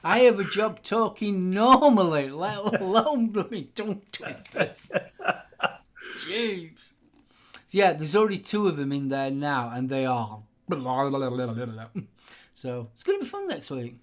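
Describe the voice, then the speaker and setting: A man's voice: high-pitched, sing-song, measured pace. A man co-hosting a casual live stream, joking at his own expense and laughing as he talks. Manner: self-mocking banter, laughing while talking.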